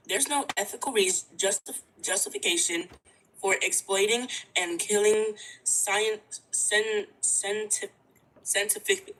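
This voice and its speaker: A woman's voice: medium pitch, a bit bright, rough recording. A woman reading cards aloud on a livestream, hesitant and stumbling over long words. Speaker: guest reader.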